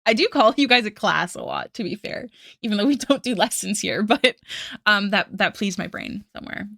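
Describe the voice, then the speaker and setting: Young woman chatting while she draws on stream, bright voice, dry close mic, laughs a lot. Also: mid-range voice, animated, a little fast, vocal fry, no room sound. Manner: chatty, explains steps while working, laughs often. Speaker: streamer and digital artist. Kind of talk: casual chat while drawing.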